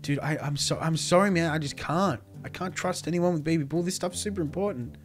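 A man hosting a roleplay series, playing himself in excitable casual chat, often calling others dude or man. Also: a little high, a little fast, faint music behind.

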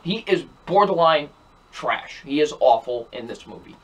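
A man's voice: on the high side, animated, normal speed, slightly rough. A young man giving a ranting movie review, exasperated and emphatic, repeating himself over and over.

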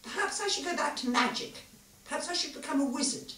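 A woman reading aloud as a tipsy male physicist who muses and rambles in a lively way. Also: high voice, fast talker, voice pushed up. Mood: musing. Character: rueful man, tipsy physicist, musing. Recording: roomy live hall, far mic.

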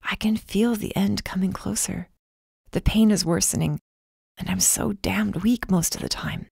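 A woman voicing a gravely ill young man in an audiobook, speaking weakly and pleadingly, often near a whisper. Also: mid-range voice, unhurried, no echo, clean studio sound, exaggerated voice. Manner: weak, hushed and pleading. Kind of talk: audiobook character voice.

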